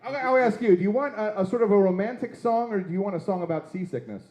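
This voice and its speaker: Playful male frontman, higher voice, live in a roomy hall, works the crowd. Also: animated, quick pace, darkish tone. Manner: playful, coaxing audience participation. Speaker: band frontman. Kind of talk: onstage banter with audience. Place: gala event hall, livestreamed. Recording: echoey room.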